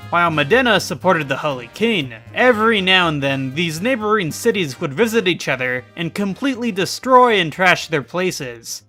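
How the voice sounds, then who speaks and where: A man's voice: on the high side, sharp tone. A man narrating a scripted history video, dropping wry, sarcastic asides between the facts. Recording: faint music behind.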